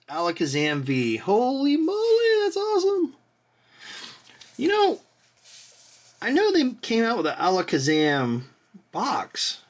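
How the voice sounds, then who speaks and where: Vlog host, trading card unboxing, excitable, chatty, rambling, lively pitch, faint background noise. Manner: excitable, keeps exclaiming and apologizing. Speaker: card-opening channel host. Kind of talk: casual pack-opening commentary.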